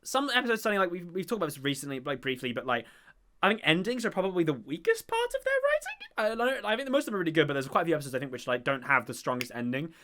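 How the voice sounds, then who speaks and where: A man talking fast in a bright, forceful voice that sits a little high. He hosts a casual, rambling chat, full of fillers and eager asides. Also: very animated. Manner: enthusiastic, rambling, many fillers. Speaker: podcast host. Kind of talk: casual chat about a TV show.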